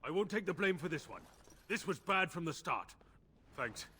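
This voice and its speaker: A shifty male crook from a fantasy game, wary and sullen. His voice is husky and a little raised in pitch. He speaks in short, defensive lines. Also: big pitch swings, normal speed, bright, forceful tone, full character voice. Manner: curt and defensive.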